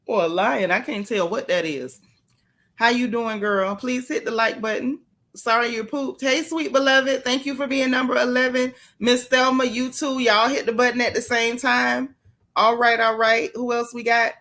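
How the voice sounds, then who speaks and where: Woman, livestream host, casual chat, fairly high voice, playful, familiar. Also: steady tone, moderate pace, a bit bright. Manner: chatty, greets viewers by name.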